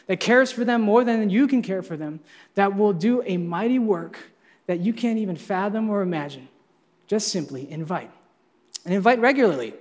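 A male pastor delivers a lively sermon in a fairly high voice. He teases his listeners with energy, and his words ring out with long reverb in a church hall. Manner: energetic, playful teasing of the congregation.

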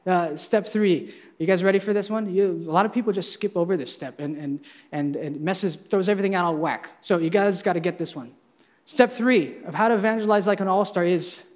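High-voiced male pastor in an echoey hall. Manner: energetic, playful teasing of the congregation. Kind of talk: sermon.

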